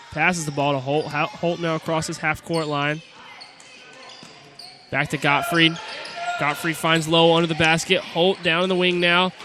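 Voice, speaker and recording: Excited young man calling basketball play-by-play. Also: fairly high pitch, noisy background. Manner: rapid clipped calls, bursts of shouting on plays. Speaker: play-by-play announcer. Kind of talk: amateur basketball play-by-play commentary.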